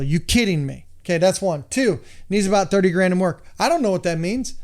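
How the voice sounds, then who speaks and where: A man's voice: high-pitched, darkish tone, smooth. A middle-aged man from the United States, a real estate investor and lender, teaching in an emphatic, exasperated, repetitive way. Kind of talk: instructional monologue.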